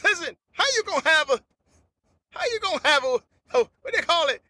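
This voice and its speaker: A man's voice: very high voice, animated, fairly quick, bright, forceful tone, no echo. A man hosting a comedy podcast alone, riffing in a rambling, repetitive, slangy monologue. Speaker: podcast host.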